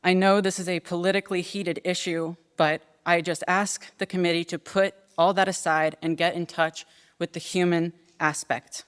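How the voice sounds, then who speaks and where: A woman in her twenties giving formal testimony at a hearing, earnest and measured, then answering questions with some hesitation. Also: fairly low pitch, little pitch movement, smooth. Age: 20s. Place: legislative hearing room. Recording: long reverb of a hearing room.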